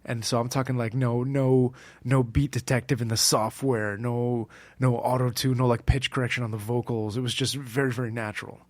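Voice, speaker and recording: A man's voice: mid-range voice, little pitch movement, a little fast, few pauses, darkish tone, no room sound. A man talking casually as a podcast guest, a music producer who rambles with lots of fillers and restarts. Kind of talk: casual chat.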